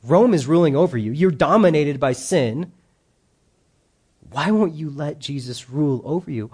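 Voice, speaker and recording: Animated male pastor preaching. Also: fairly high pitch, measured pace, breathy edge. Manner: animated, acts out quoted voices. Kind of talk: sermon.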